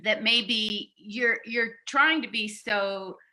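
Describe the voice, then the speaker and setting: A woman's voice: fairly high pitch, takes it slowly, pushed and bright. A woman leading a communication workshop, explaining in a teaching tone with small restarts and light laughs. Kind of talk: teaching seminar talk.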